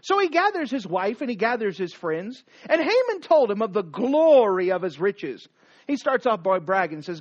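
A man preaching a sermon, retelling the passage with dramatic, animated storytelling. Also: sits high, moderate pace, lo-fi sound. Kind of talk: expository sermon.

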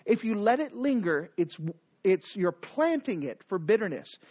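A preacher in full sermon mode, voice swinging widely up and down in pitch. The delivery keeps pressing the listeners with rhetorical questions and repeated commands. The recording is dull and lo-fi. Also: big pitch swings, moderate pace, darkish tone.

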